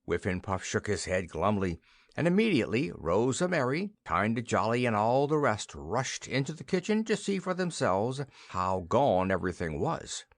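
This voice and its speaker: A man reading a children's fantasy story aloud for English learners, with a lively, expressive delivery. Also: on the low side, normal speed, no room sound, clean studio sound. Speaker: narrator.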